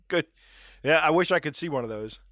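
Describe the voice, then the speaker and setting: A man co-hosting a podcast, chatting casually and telling stories with animated, self-mocking asides. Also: on the high side, normal speed, dry recording, clean studio sound. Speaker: podcast co-host. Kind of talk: casual chat.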